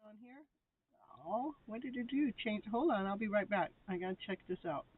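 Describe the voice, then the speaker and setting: A woman's voice: mid-range voice, moderate pace, noisy background. A woman hosting a live tarot show, chatting casually with viewers and laughing often as she rambles. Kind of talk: casual live-stream chat. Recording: tinny phone-like sound.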